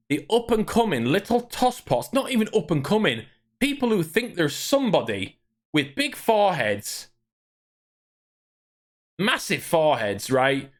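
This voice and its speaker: Ranting man, slightly high voice. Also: a bit bright. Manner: profane, ranting, irritated. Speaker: streamer. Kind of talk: angry gaming rant on livestream.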